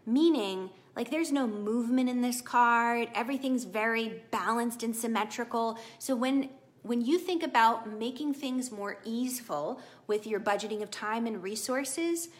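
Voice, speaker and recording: A woman's voice: on the high side, moderate pace. A middle-aged woman giving a casual live tarot reading to viewers, chatty and encouraging. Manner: warm, chatty, encouraging, animated with laughs. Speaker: tarot reader.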